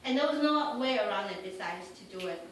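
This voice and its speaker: A woman's voice: medium pitch, animated, a little fast, recorded from a distance, heavy background noise. Woman piano teacher singing rhythms in an echoey room. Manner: sings rhythms and counts aloud with syllables; encouraging, gives short commands while the student plays. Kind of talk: one-on-one piano lesson coaching.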